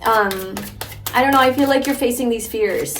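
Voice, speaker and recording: A woman's voice: a little high, normal speed, a little hiss or hum. A young woman giving a casual tarot reading to a viewer, chatty and full of filler words. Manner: chatty, warm-hearted, lots of filler likes and ums. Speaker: tarot reader.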